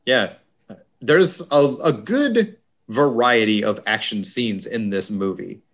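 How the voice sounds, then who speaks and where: Um homem num podcast comentando um filme num papo descontraído, brincando e fazendo imitações rápidas. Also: male voice, medium pitch, lively intonation. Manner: jokey, does quick impressions. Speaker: podcast co-host. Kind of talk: casual movie review chat.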